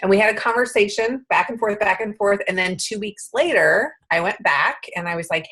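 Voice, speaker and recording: A woman in her late thirties, a guest speaker telling a self-deprecating story in casual, animated chat. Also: medium pitch, brisk, hardly any pauses, husky, low-quality recording.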